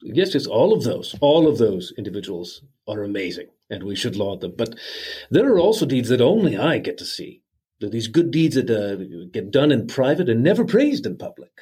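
A man's voice: mid-range voice, big pitch swings, normal speed, warm tone, breathy edge. A man playing jolly old Santa Claus. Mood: heartfelt. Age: older. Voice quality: folksy, avuncular, chuckling. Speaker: interview guest.

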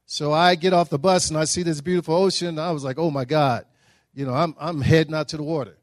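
Animated storytelling man from Texas. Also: a little high, fast talker, no echo, studio quality. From Dallas, Texas. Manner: animated, folksy storytelling with acted-out quotes. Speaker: guest speaker. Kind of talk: storytelling speech at a breakfast.

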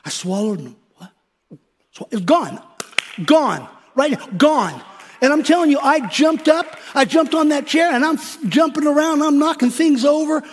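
A high-voiced middle-aged man preaches with animated energy. He rambles through stories, restarting his sentences and acting out the people he quotes. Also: normal speed, slight background noise. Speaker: pastor. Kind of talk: sermon.

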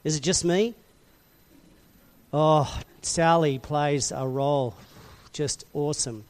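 A man with a light, high voice preaching a sermon in a church hall. He puts questions to the congregation and swings between near-shouted emphasis and soft, hushed lines. His delivery is passionate and heartfelt. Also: takes it slowly. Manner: passionate, rising to loud emphasis then dropping soft. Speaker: pastor.

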